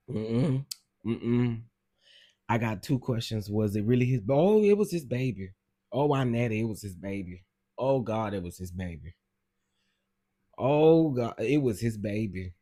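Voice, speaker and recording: A man's voice: mid-range voice, lively intonation, measured pace, warm tone. A man hosting a casual livestream, gossiping animatedly and exclaiming straight to his viewers. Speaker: livestream host.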